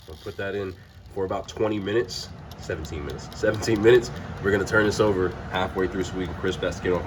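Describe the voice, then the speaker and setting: A man's voice: low-pitched, background noise. A young man chatting casually to viewers in a cooking and mukbang vlog, full of slang and asides. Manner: chatty, slangy, addresses viewers as y'all and bro. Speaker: food vlogger.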